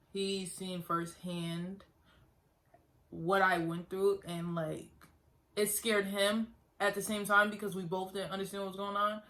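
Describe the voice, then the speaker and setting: A woman's voice: mid-range voice, fairly bright tone. A young woman earnestly telling her own story in a casual vlog, talking conversationally and repeating herself. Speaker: vlogger.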